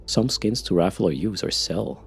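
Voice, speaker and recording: A man's voice: sits low, moderate pace, gravelly, slightly rough, soft background music. A man with a Swiss German accent chatting casually with his live-stream audience while playing, often repeating words as he starts a sentence. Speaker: game streamer.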